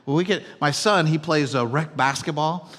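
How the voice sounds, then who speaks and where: A middle-aged man preaching a sermon as pastor, telling everyday stories in a conversational way and dropping from loud to hushed. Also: fairly high pitch, normal speed. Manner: conversational storytelling, swinging between loud and hushed. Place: church auditorium. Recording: long reverb of a church hall.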